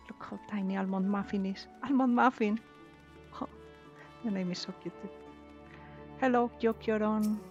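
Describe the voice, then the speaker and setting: A woman's voice: medium pitch, fairly even intonation, normal speed, pauses often, darkish tone, muffled recording, soft background music. A woman streaming a game in casual commentary, chatty and giggly, thinking aloud as she plays.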